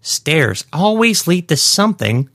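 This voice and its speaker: A man's voice: a little high, sing-song, a little slow, gravelly, a bit bright, no room sound, pitched above the performer's own voice, heavily acted. An imperious older woman with a raised, lofty voice, demanding and easily offended, voiced by a man reading a story. She speaks with clipped, haughty authority, as though the world owes her. The recording is dry and close.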